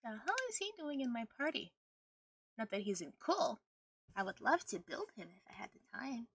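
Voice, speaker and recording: A chatty woman game streamer with a high, bright voice that frays into vocal fry and a husky edge. She rambles casually over her gameplay and laughs often, recorded close and dry. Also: very animated, moderate pace, no room sound.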